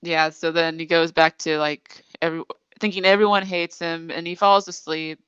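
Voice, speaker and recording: Woman host recapping a show, smooth clear voice, dry dull lo-fi sound. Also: sits low, flat delivery, normal speed, a bit bright, no echo. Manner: chatty storytelling with many fillers. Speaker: podcast host. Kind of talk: casual episode recap chat.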